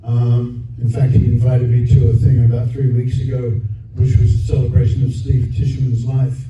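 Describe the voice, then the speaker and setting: An older Australian man, a guest actor at a fan convention, tells an anecdote during a Q&A in a convention hall. His mid-range voice is monotone and mellow at normal speed, and he's chatty, restarting often and acting out other people's lines. The recording is very echoey, dull and noisy, captured from far off.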